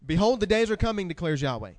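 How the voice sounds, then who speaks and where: A man preaching a sermon with animated delivery, asking the congregation questions and reading scripture aloud. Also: sits high, fast, big-room sound.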